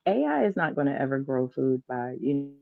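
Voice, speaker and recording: Gravelly woman on dull lo-fi audio. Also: very deep voice, very animated. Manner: measured and thoughtful, with dry humor. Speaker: panel guest. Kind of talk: casual panel chat.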